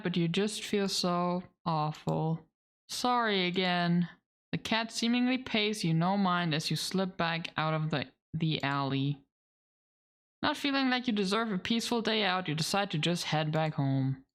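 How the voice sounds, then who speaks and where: A woman's voice: medium pitch, lively intonation, takes it slowly. A woman streaming a game, reading its narration aloud and reacting with laughs and casual swearing. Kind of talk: let's play commentary, reading game text aloud.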